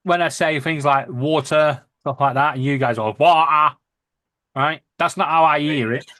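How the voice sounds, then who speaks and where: A man's voice: a little high, brisk, bright, forceful tone, dry recording. Joking Lancashire man, dry close mic. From Lancashire, England. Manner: swearing, jokey storyteller. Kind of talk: casual chat.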